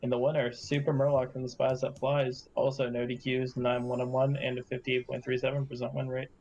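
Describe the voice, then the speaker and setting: A man's voice: mid-range voice, monotone, brisk, darkish tone, a little hiss or hum. Man reading stats through a dull mic. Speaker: awards presenter. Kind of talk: reading results in casual chat.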